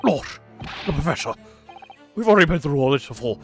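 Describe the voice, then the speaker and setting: A man voicing a blustering male prison governor in a put-on Scottish accent, with loud, flustered outbursts. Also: on the high side, very animated, a little fast, faint music behind, voice pushed up. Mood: defensive.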